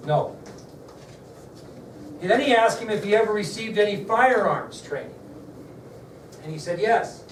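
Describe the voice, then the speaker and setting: A man gives a history lesson to his class, slightly high in pitch, telling the story casually and stopping to quiz his students. He sounds distant from the mic in a roomy, echoing classroom with a faint hiss behind him. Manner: conversational storytelling, asks the class questions. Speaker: history teacher. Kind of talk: classroom lecture. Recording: echoey room, mic far off, faint background noise.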